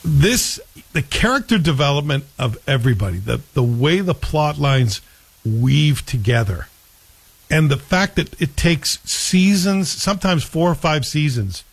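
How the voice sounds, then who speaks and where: A man's voice: fairly high pitch, lively intonation, a little slow, creaky, low-quality recording. A man hosting a casual chat, talking in a rambling, opinionated way with frequent restarts.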